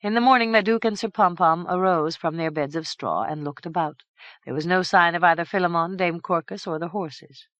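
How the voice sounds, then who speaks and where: Brief: low-voiced woman narrator, measured storytelling, dry close recording. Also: fairly bright tone, dry recording, dull audio. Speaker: audiobook narrator. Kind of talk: scripted narration.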